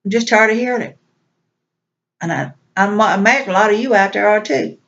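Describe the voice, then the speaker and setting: A woman's voice: medium pitch, a little fast, gravelly, fairly bright tone. A woman vlogger venting in an exasperated, repetitive rant. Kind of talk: venting monologue. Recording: dull lo-fi recording.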